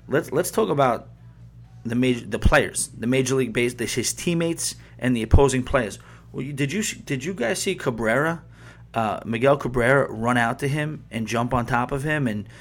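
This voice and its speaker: On his casual sports podcast, a man rants angrily and with plenty of swearing, wandering off into asides and restarting his thoughts. He has a medium-pitched, fairly bright voice.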